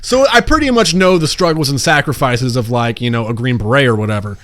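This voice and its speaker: A young man in casual podcast banter, telling self-mocking jokes in a deadpan way. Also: mid-range voice, a little fast. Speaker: guest.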